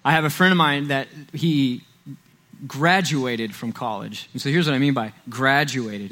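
This male pastor's voice is fairly high and a bit bright. He tells stories conversationally throughout his sermon, often dropping in asides of "right?"

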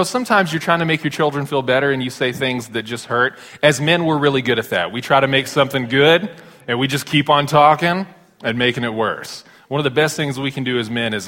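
A male pastor giving a sermon in a conversational storytelling way, turning soft and tender when serious. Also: medium pitch. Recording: long reverb of a large hall.

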